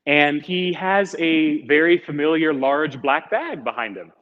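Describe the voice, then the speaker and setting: A young man telling a comic personal story on stage, casual and animated with lots of fillers. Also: a little high, a little slow. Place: event space, streamed online. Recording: echoey, slightly muffled hall sound.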